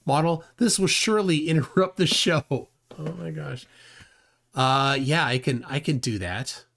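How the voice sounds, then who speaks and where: Hosting a livestream, a man with a fairly high, gravelly, fairly bright voice reads out viewer comments. His casual talk is slow-paced and hesitant, broken up by lots of fillers.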